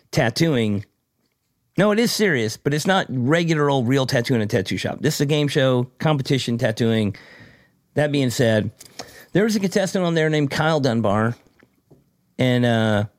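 A man who judges a tattoo competition, telling a story in casual chat, blunt and profane, with animated, mocking asides. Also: medium pitch, no echo, studio quality.

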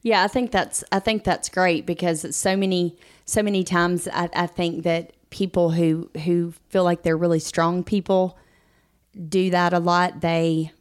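Female co-host, somewhat low voice, conversational and affirming. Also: flat delivery, measured pace, clear, resonant tone. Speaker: podcast co-host. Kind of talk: casual chat.

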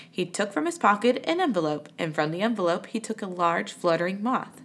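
Expressive woman reading a storybook. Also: medium pitch, brisk, few pauses. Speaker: reader. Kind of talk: storybook read-aloud.

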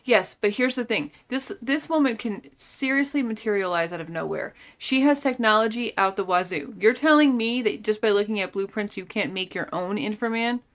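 A woman's voice: medium pitch, expressive, normal speed, hardly any pauses. A woman co-hosting a podcast, making sarcastic, exasperated remarks about a movie with casual swearing. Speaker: podcast co-host. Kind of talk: casual movie recap chat.

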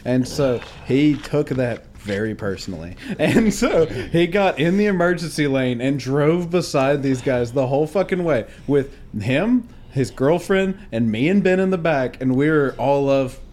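A man's voice: mid-range voice, animated, a little slow, few pauses, a little mellow. A man telling a rambling, profane family story in a casual podcast chat, often laughing. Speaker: podcast co-host.

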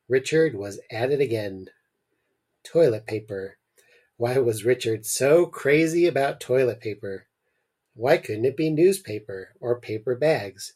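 A man's voice: medium pitch, darkish tone. A young adult man hosting a podcast, chatting casually and then reading a short story aloud with dry humor. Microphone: remote call mic.

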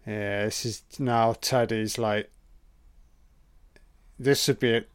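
A man's voice: fairly low pitch, fairly even intonation, slow, clean tone, no room sound. Profane, easily surprised male film commentator. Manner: swears a lot, exclaims in surprise. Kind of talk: casual reaction commentary.

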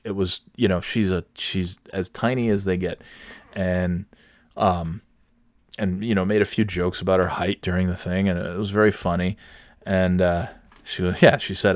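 A man's voice: sits low, fairly even intonation, normal speed, dry recording. A middle-aged man telling a story in a casual, profane and exasperated rant, full of restarts and sarcastic asides.

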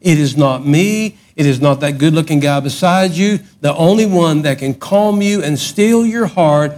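A middle-aged man preaching a sermon, swinging from loud emphatic outbursts to hushed lines. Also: a little high, normal speed. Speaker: pastor.

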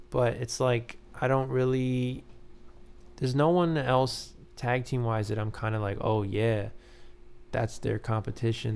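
A man with a gravelly, fry-edged voice sits at middle pitch. He rambles through casual commentary, full of filler words and loose asides, like a podcast host talking off the cuff. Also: a little mellow.

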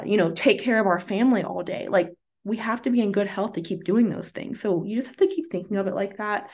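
Woman health coach chatting on her podcast, earnest and encouraging, says like a lot, mid pitch. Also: darkish tone. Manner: chatty, earnest, filler-heavy with frequent "like"; encouraging, with light laughs. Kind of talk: casual solo podcast talk.

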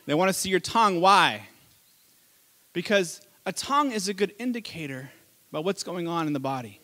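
A man preaching a sermon as pastor, telling a childhood story with animated delivery and laughter. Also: high-pitched, moderate pace.

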